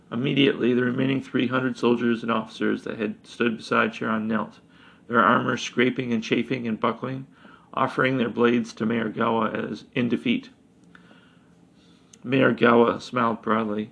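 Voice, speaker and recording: A man reading a fantasy story aloud in an unhurried way, sometimes correcting himself mid-word. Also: mid-range voice, little pitch movement, gravelly, fairly bright tone.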